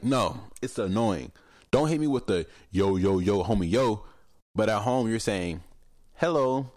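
This young podcast host, voice on the low side, goes it alone in a casual show, telling stories bluntly and animatedly. He swears freely and mimics the way other people talk. The sound is dry and studio quality.

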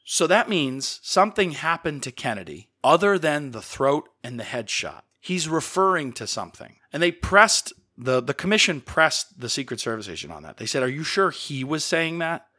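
A man's voice: a little high, very animated, normal speed, hardly any pauses, pushed and bright, husky. A man from the Boston area hosting a podcast, explaining events step by step in a conversational storytelling style and briefly acting out quotes.

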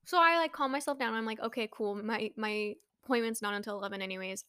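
A woman's voice: fairly high pitch, quick pace, hardly any pauses, sharp tone, smooth, no room sound, studio quality. A young woman chatting casually to her viewers, telling a story with lots of fillers and anxious exclamations. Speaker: vlogger.

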